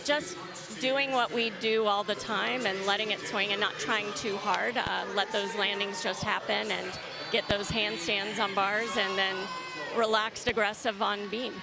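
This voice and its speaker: A woman coach giving a short post-event interview in an upbeat, relaxed way. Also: mid-range voice, measured pace, creaky, over loud music, over a noisy crowd. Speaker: gymnastics coach.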